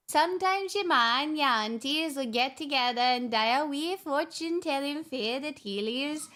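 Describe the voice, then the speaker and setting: A streamer voicing a playful mock Scottish reader, reading aloud slowly in a sing-song way with a put-on Scottish accent. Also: female voice, high voice, bright, forceful tone. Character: playful woman doing an exaggerated Scottish brogue.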